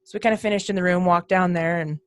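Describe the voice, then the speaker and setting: A woman's voice: lowish voice, fairly even intonation, quick pace, no room sound, clean studio sound. A woman guest on a podcast, telling her ghost hunting stories casually and acting out the voices in them.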